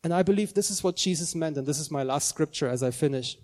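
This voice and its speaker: A man's voice: on the high side, fast, a little mellow. A man preaching a sermon in church, earnest and growing fervent as he proclaims.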